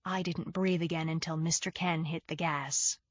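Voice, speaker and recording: A woman's voice: low-pitched, steady tone, normal speed, dry recording, dull audio. Woman narrating a tense thriller. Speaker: audiobook narrator.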